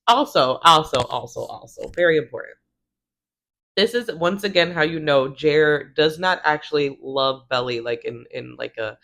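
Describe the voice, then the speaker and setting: A woman's voice: deep voice, a bit bright. Woman, 30s, TV-recap vlogger; casual, gossipy, swears, quotes characters. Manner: chatty, swears, acts out characters' lines.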